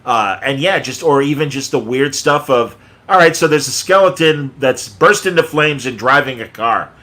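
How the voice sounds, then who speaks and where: A man's voice: medium pitch, animated, normal speed, sharp tone. A man hosting a casual interview, enthusiastic and encouraging toward his guest. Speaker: podcast host.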